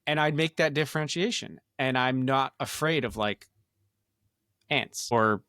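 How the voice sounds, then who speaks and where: A man's voice: mid-range voice, a little slow, bright, forceful tone, smooth, dry recording, clean studio sound. Rambling, swearing podcast guy. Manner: rambling, lots of "like" fillers, swears freely. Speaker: podcast co-host. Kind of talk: casual chat.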